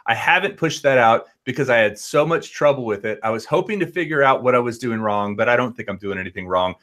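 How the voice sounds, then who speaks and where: A man's voice: medium pitch, animated, quick pace, fairly bright tone. A man as a guest on a casual live chat show, talking in a chatty, friendly way.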